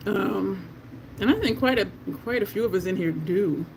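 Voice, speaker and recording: Excitable chatty beauty livestream host. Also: medium pitch, moderate pace, creaky, noisy background. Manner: excitable, chatty, talks to chat as "y'all". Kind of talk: casual livestream makeup swatching. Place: at home in Delaware.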